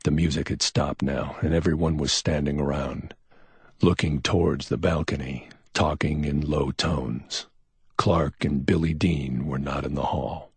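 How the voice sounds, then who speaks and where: A man reading pulp crime fiction as an audiobook narrator, steady and even. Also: a bass voice, a little slow, breathy edge, no room sound, clean studio sound.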